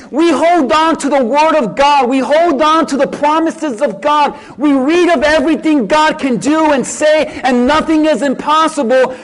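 Male pastor, very high voice, slow emphatic sermon delivery. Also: poor audio. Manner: emphatic, repetitive rhetorical questions.

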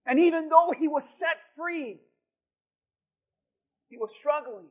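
A man from Hialeah, Florida, preaching in church and telling an animated story. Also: extremely high pitch, slow pace, low-quality recording. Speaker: pastor. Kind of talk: sermon storytelling.

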